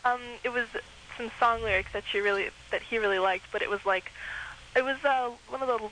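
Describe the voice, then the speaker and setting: A young woman calling in to a radio show, talking haltingly with lots of fillers about her jealousy. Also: fairly high pitch, sharp tone. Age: young adult. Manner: jealous, hesitant, filler-heavy. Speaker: caller. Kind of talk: phone-in call. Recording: hissy phone line.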